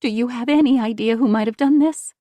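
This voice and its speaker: A woman voicing a gentle worried grandmother. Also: on the high side, a little fast, no echo, pitched above the performer's own voice, natural voice. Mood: soothing. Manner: soft, soothing, reassuring.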